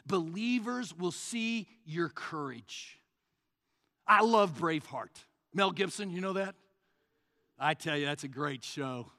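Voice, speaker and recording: A male pastor preaching a sermon, swinging between loud, rising passages and hushed, low asides. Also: lively intonation, slow, gravelly, big-room sound.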